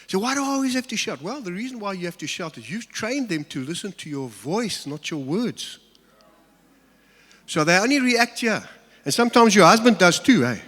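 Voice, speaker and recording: A middle-aged pastor's voice sits high and a bit bright, with big pitch swings and a moderate pace, carried by the long reverb of a church hall. His sermon is humorous storytelling punctuated by acted-out asides.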